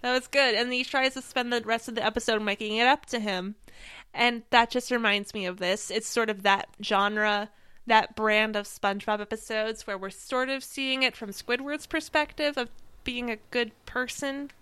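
A young woman co-hosting a podcast in casual chat, animated and laughing often. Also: on the high side, moderate pace, clean tone, no echo. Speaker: podcast co-host.

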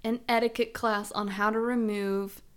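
A woman co-hosting a podcast in casual chat, animated, laughing often and swearing freely. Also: fairly high pitch, normal speed, clean tone. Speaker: podcast co-host.

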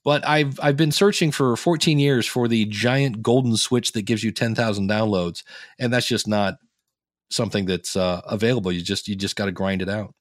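A middle-aged man giving podcasting advice as a guest in a casual interview, telling stories in an animated way and acting out the people he quotes. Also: lowish voice, normal speed, no echo, clean studio sound. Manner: animated storyteller, acts out quoted voices.

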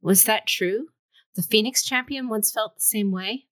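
A woman's voice: medium pitch, measured pace, a bit bright, dry recording, voice pushed up. A woman voicing a frightened young male farmer who stammers and panics. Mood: resolved.

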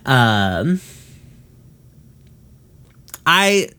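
A man's voice: mid-range voice, sing-song, very slow, sharp tone. Rambling, profane man recapping casually. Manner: rambling, profane, filler-heavy storytelling. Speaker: podcast co-host.

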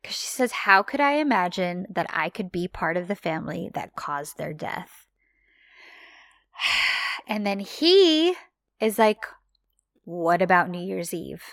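A woman's voice: fairly low pitch, big pitch swings, slow pace, vocal fry, pauses often, fairly bright tone, dry recording, clean studio sound. A woman co-hosting a casual chat about a TV series, retelling scenes with sighs and exclamations. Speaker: podcast co-host.

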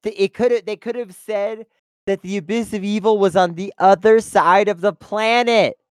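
A man's voice: sits high, steady tone, moderate pace, clear, resonant tone, no echo, clean studio sound. A young man co-hosting a casual review chat, wry and complaining. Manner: wry, complaining about plot convenience. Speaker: podcast co-host.

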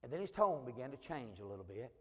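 A man preaching as a traveling evangelist, telling a humorous personal story in an animated, self-mocking way. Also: mid-range voice, fast, long reverb tail.

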